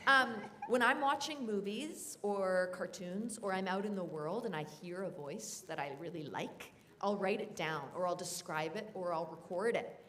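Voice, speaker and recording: A woman's voice: mid-range voice, fairly bright tone, slight background noise. A woman voice actor on a convention panel, giving friendly advice and acting out short voice examples.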